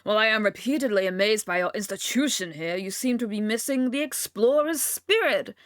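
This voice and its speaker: A woman's voice: mid-range voice, animated, a little fast, no echo, clean studio sound, lightly acted. A woman voicing a pompous old male explorer with a put-on British accent, blustering and grandiose. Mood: indignant. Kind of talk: stream read-along voice acting.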